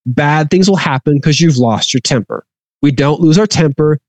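A man's voice: a little high, moderate pace, a little mellow, dry recording. A man reading a scripture passage aloud and then explaining it in a conversational teaching manner. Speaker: Bible teacher.

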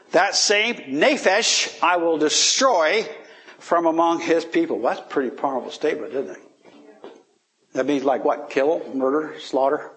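A man giving an informal Bible teaching, asking his listeners rhetorical questions and chuckling as he explains. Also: a bit bright. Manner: rhetorical questions, chuckles, pitch swings for emphasis.

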